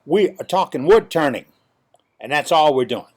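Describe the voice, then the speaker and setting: A man's voice: fairly high pitch, lively intonation, normal speed. A man hosting a woodturning club video, talking in a folksy, emphatic way and repeating his points. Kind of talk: casual video announcement.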